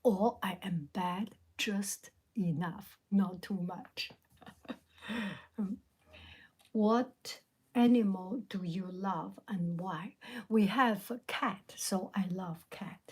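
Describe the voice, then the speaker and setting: A middle-aged woman with a Chinese accent, softly whispering her answers to a live chat outdoors in a park. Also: medium pitch, slightly rough. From China. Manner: soft, slow, reflective, answers viewer questions. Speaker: livestream host answering chat.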